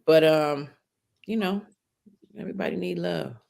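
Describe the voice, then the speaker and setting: A schoolteacher woman telling stories in casual podcast chat, animated and profane, acting out the people she quotes. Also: lowish voice, moderate pace, gravelly.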